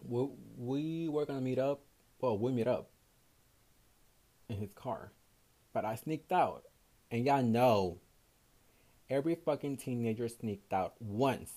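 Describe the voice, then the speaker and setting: A young male podcast host with a Mexican Spanish accent talks in a loose, rambling monologue. He is tired after a night shift, swears freely and slips back and forth between English and Spanish. His voice sits at an ordinary middle pitch for a man. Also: unhurried, pauses often, mellow. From Houston, Texas, USA. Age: young adult. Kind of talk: casual solo podcast monologue.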